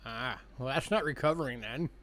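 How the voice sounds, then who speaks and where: A man's voice: medium pitch, brisk. A man hosting a coin sale livestream, talking casually to viewers while waiting for people to join. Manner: relaxed, chatty, yawning between remarks.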